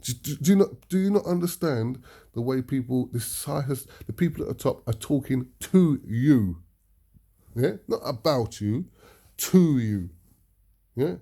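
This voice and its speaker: A British man speaks as a preacher, his voice gravelly and dark in tone. He drives his points home emphatically and often tags them with a questioning "yeah?". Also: medium pitch, animated, normal speed. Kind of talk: impassioned talk to an audience.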